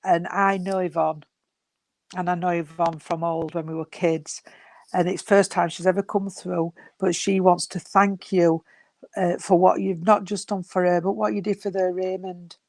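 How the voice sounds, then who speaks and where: A woman's voice: lowish voice, level tone, normal speed, darkish tone, no room sound. A woman giving spirit messages as a medium, affectionate and calling listeners sweetheart and darling. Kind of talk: giving spirit messages in an online healing service.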